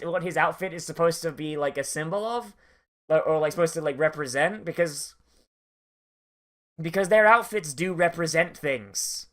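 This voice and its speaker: A man's voice: on the high side, a bit bright. Rambling, profane young man with a raised voice. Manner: rambling, profane, many restarts and fillers. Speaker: anime reaction host. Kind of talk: casual reaction commentary.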